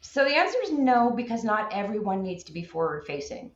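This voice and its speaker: Blunt, animated woman guest on a muffled line. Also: medium pitch, fairly quick, reverberant. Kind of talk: casual podcast chat.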